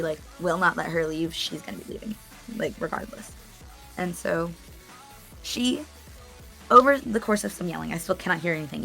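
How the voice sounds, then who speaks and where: A young woman with a somewhat low voice tells a story in a loose, chatty way, laughing easily and swearing freely. She talks as a guest in a casual interview, and faint music plays behind her. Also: creaky, a bit bright.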